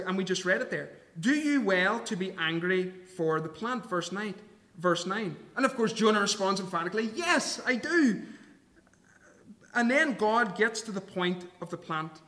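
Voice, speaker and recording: A man's voice: sits high, a bit bright, in a large hall. A man preaching a sermon, earnest and emphatic, reading scripture aloud and explaining it.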